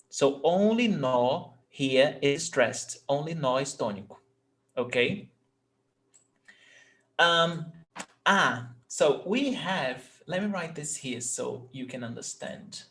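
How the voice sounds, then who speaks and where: A man's voice: on the high side, lively intonation, fairly bright tone. A man with a Brazilian Portuguese accent teaching a live online lesson, repeating example sentences and checking that students follow. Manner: patient, repeats examples slowly, checks understanding.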